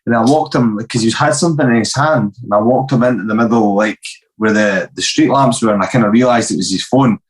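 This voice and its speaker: A young Scottish man tells rough stories on a podcast, laughing often and swearing at every turn. His voice sits in an ordinary middle register. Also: medium pitch, fairly quick. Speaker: guest, professional MMA fighter. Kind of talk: casual podcast chat.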